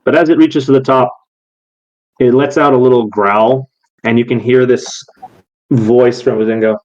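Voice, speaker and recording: A man's voice: medium pitch, moderate pace, pauses often. A man narrating a tabletop game as game master, easygoing and full of little fillers. His voice sits in a middle range, and the stream audio sounds dull and lo-fi. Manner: relaxed, with many fillers.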